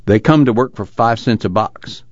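A man voicing a hurt, weary young farmhand with a drawl, talking low and grim. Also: moderate pace, no echo, lightly acted. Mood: shaken. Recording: muffled, dry.

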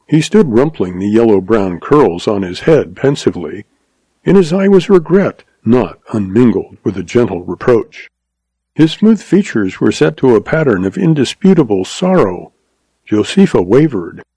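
A man narrating a story in a measured, expressive reading. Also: medium pitch, husky, no room sound, poor audio.

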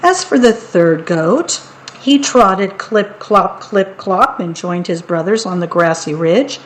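A woman reading picture books aloud in a playful, unhurried storytelling manner. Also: medium pitch, poor audio.

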